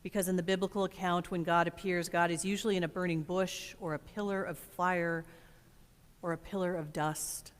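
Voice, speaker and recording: A woman pastor delivering a reflective sermon in a church, expressive and measured, with dramatic pauses. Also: on the low side, smooth. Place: church sanctuary. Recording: long church reverb.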